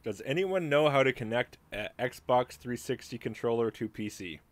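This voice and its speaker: A man's voice: medium pitch, expressive, normal speed, no room sound. A man hosting a casual livestream, reacting with dry, understated questions. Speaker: livestream host.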